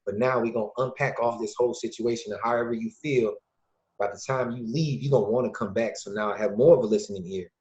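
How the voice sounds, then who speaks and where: A man from Illinois, a podcast guest and youth mentor, talking casually and acting out quoted dialogue with lively changes of voice. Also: medium pitch, fast talker. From Lake County, Illinois, USA. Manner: lively storyteller who acts out quoted dialogue. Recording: dull lo-fi recording.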